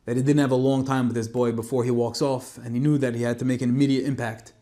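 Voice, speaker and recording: A man delivers a Torah talk as a dramatic story. His delivery swings between forceful emphasis and quiet, hushed passages. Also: mid-range voice, little pitch movement, quick pace. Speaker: speaker giving a Torah talk. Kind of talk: emotional storytelling sermon.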